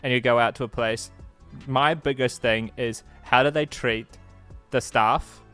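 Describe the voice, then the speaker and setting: A man co-hosting a casual live stream from home, rambling with halting restarts and laughter. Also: medium pitch, steady tone, fairly bright tone, clean tone, soft background music. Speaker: co-host.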